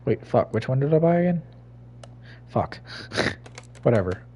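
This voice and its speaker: A man's voice: normal speed, dull audio, slight background noise. Swearing man narrating his gameplay. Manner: swears a lot, talks to himself and laughs; sudden loud high outbursts. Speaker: gaming streamer. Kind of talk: casual gameplay commentary.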